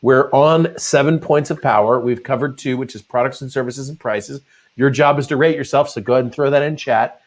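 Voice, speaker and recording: A man's voice: medium pitch, brisk. Man, host, casual live-show chat, laughs often, rambling.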